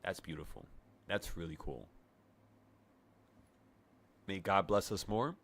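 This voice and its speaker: A man's voice: sits low, takes it slowly, fairly bright tone. A man in his twenties, a trading streamer telling a story in casual livestream talk, stammering and swearing as he goes.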